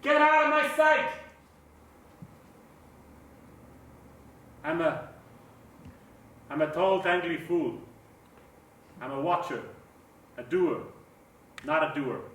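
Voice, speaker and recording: A man's voice: on the high side, takes it slowly, long pauses. An actor playing a frustrated grown son arguing with his mother, agitated and defensive. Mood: anguished. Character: anxious, frustrated grown son of the bar owner. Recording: echoey room, mic at a distance.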